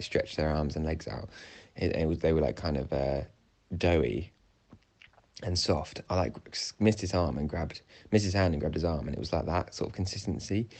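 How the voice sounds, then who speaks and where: A man's voice: extremely low pitch, darkish tone. A young man, casually retelling a dream, rambling with many fillers and restarts. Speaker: podcast co-host.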